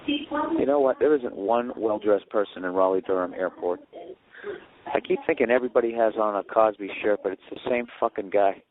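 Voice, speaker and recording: A man's voice: fairly low pitch, sing-song, fairly quick, phone-quality sound. A man ranting sarcastically and profanely as a comedy podcast host, recorded in an airport waiting area on a phone. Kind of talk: rambling comedic rant.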